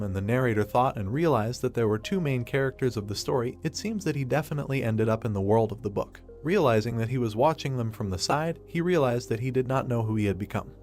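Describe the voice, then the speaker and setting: A man narrating a story recap script in a steady, even storytelling voice. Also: mid-range voice.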